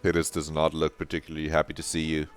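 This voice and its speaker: A man's voice: very deep voice, monotone, quick pace, clear, resonant tone, soft background music. A man streaming a video game, chatting playfully in a rambling, mock-dramatic way and swearing now and then. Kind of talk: casual live-stream commentary.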